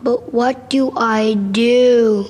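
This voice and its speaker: Film clip: an eager 8-year-old boy, high and slow, in a reverberant room. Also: full character voice. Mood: indignant. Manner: excited, calling loudly, disappointed questions. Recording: film clip with roomy reverb and faint noise.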